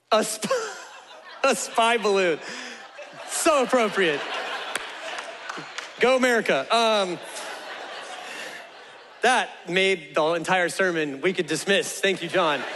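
Male pastor, high voice, lively comic storyteller, long echo of a big church hall. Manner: animated storytelling, playfully acts out characters. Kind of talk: sermon.

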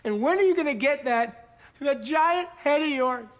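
Sitcom role: a gruff, awkward young man who rambles, repeats himself and tacks "man" onto every line. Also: extremely high pitch, animated, normal speed. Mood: exasperated rant. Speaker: sitcom character. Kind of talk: sitcom acting.

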